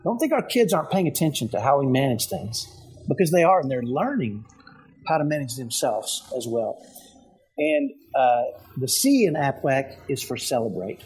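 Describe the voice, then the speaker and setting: A man giving parenting advice in an energetic motivational talk, often checking in with "right?". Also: mid-range voice, normal speed, a little hiss or hum, low-quality recording. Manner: energetic, keeps asking "right?".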